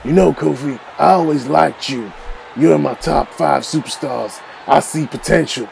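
A man's voice: on the high side, a little slow, gravelly, darkish tone, a little hiss or hum. A man doing a coaxing veteran wrestler. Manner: persuasive, coaxing. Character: veteran male wrestler, smooth-talking would-be manager. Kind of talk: video game role-play voiceover.

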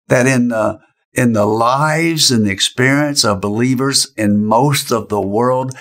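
An older man, a guest preacher, tells a story in an emotional sermon with slow, emphatic phrasing. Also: medium pitch, creaky, fairly bright tone.

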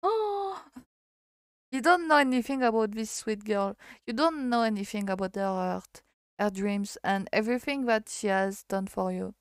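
A woman's voice: mid-range voice, moderate pace, clear, resonant tone, no echo, studio quality, natural voice. A woman with a French accent reading the part of a protective grown man in a game, scolding a pair of parents with indignation. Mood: outraged. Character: protective, outraged adult male neighbor.

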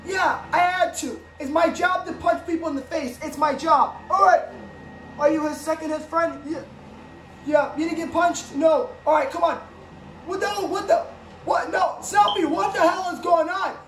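A woman improvising a toy play, voicing several characters and switching voices, with bursts of shouting. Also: very high-pitched, measured pace. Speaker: home video creator. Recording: echoey room with faint background noise.

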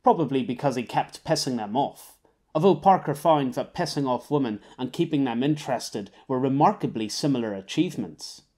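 A man narrating an audiobook in a steady, wry storytelling manner. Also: mid-range voice, fairly quick. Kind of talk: scripted narration.

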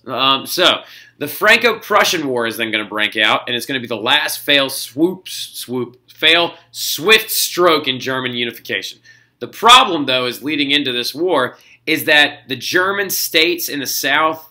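A man teaching a history lesson to his students in a casual, jokey, energetic way, talking straight to them. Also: mid-range voice. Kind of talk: casual recorded classroom lecture.

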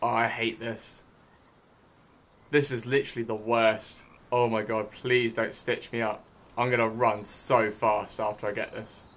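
A young British man giving sweary, jumpy commentary over his own gameplay, hushed one moment and yelling the next. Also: on the low side, level tone, unhurried, a little hiss or hum. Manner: jumpy, swears a lot, shifts from hushed to shouting. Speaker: gaming YouTuber.

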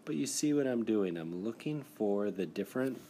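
A man with a very low voice walks young students through a spelling exercise on a screencast. His delivery is encouraging and methodical. A faint hiss sits under the recording. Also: lively intonation, normal speed, dark tone. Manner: encouraging, explains step by step. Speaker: teacher. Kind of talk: classroom screencast lesson. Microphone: device mic for screen recording.

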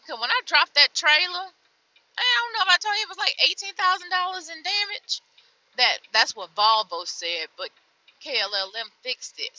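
A young woman truck driver venting from her cab in a vlog, weary and frustrated, dropping to tired mutters and then flaring up loud. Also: on the high side, muffled recording.

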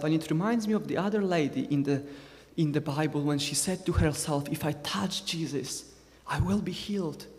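A man's voice: on the high side, a little mellow, long reverb tail. A man in his twenties with a Scottish Borders accent, preaching a conversational sermon with joking asides to the congregation. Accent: Scottish, Borders (Galashiels). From Scotland. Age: 20s. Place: church hall.

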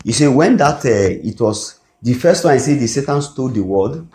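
A man with a Nigerian English accent preaching a sermon, often pausing to ask the congregation "what?" so they fill in the word. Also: medium pitch, lively intonation, darkish tone. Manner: call-and-response, asks the congregation "what?" to fill in words. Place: church hall. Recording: echoey hall recording.

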